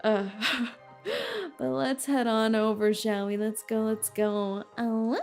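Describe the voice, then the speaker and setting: A woman's voice: on the high side, takes it slowly, darkish tone. A young woman streaming a game, chatting casually and breaking into frequent laughter. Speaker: VTuber streamer. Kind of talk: casual live-stream chat over gameplay. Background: faint game music.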